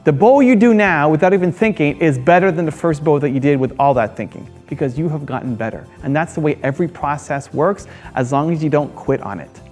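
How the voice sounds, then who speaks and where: Male vlog host, slightly raised pitch, earnest self-help talk, repeats points, faint music bed. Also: animated, fairly quick, a little mellow. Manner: earnest, repetitive, asks rhetorical questions. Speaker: channel host. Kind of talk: motivational vlog monologue.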